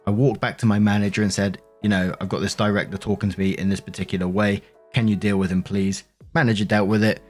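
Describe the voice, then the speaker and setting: A man with a fairly low voice reads online stories and then muses on them in a loose, conversational way, dotted with "you know" fillers. Soft music plays quietly underneath his narration. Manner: conversational, reflective, many fillers. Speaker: narrator and commentator. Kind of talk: reading online stories with commentary. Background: faint background music.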